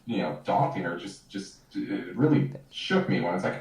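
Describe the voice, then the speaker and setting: A man's voice: low-pitched, expressive, normal speed, a little mellow, echoey room, far from the mic, rough recording. A man talking in a casual podcast chat with sardonic, articulate wit.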